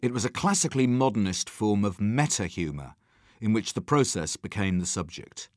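A man giving articulate, analytical commentary in a measured way. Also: on the low side, expressive, no room sound, clean studio sound.

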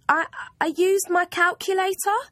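A woman voicing a schoolgirl who is indignant and defensive, talking in a high, pleading, flustered way. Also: fairly even intonation, a little slow, fairly bright tone, no room sound. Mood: protesting.

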